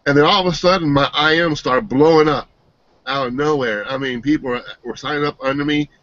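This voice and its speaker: A man giving an earnest, emotional personal testimonial, halting and restarting as he speaks. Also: a little high, a bit bright, no room sound. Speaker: team member giving a testimonial. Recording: dull, dry lo-fi sound.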